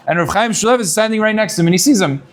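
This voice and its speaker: A man, a rabbi, giving a sermon to students. He tells a story in an animated way and mixes in Hebrew terms. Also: high-pitched, very fast.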